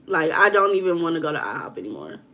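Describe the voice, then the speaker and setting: A woman's voice: sits low, sing-song, fast, sharp tone. Chatty woman hosting a livestream. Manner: chatty, reads and answers viewer comments, dramatic storytelling. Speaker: livestream host. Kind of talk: casual livestream chat.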